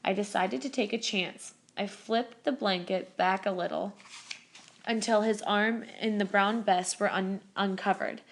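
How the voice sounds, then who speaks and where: A woman reading a novel aloud in the first person. Her voice sits at a middle pitch, and she reads steadily, now and then correcting a slip. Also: fairly even intonation, unhurried. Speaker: reader. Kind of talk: audiobook narration.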